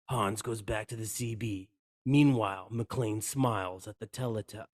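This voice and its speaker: A man's voice: on the low side, darkish tone, no room sound, clean studio sound. A man co-hosting a podcast, reading screenplay action lines aloud and stumbling over words. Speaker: podcast co-host.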